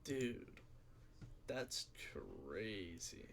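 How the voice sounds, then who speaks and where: A man's voice: lowish voice, very animated, extremely slow, fairly bright tone, slight background noise. A man co-hosting a stream, chatting in a laid-back, slangy way. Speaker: co-host on stream. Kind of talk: casual chat.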